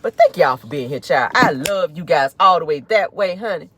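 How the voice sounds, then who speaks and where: Sassy animated woman gossiping from her car. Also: fairly low pitch, normal speed, no room sound. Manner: sassy, animated, calls viewers honey and child. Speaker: celebrity gossip vlogger. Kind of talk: live-stream gossip commentary from a car. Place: inside a car.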